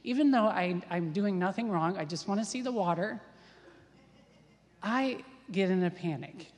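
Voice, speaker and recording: A woman from Ohio telling a lively, self-deprecating story in a sermon, with quick asides. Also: medium pitch. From Ohio, USA. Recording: long hall reverb.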